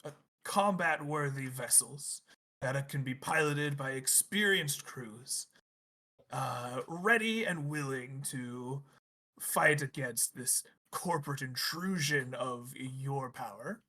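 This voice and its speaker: A man playing a brash space rogue who pitches a deal in a low, conspiratorial, persuasive voice. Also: slow, bright, forceful tone. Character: brash smooth-talking male space rogue.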